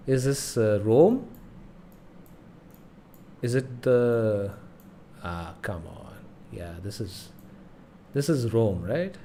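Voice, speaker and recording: A man's voice: mid-range voice, warm tone, slight background noise. A man hosting a casual gaming livestream, thinking aloud and muttering as he reads signs under his breath. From India. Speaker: livestream host.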